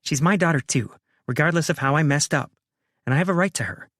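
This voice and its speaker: A defensive, frustrated ex-wife who presses her case insistently, her voice pitched well above a man's, as a male narrator puts her on. The sound is close and dry, with no room around it. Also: brisk, fairly bright tone, dry recording. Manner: insistent, pleading.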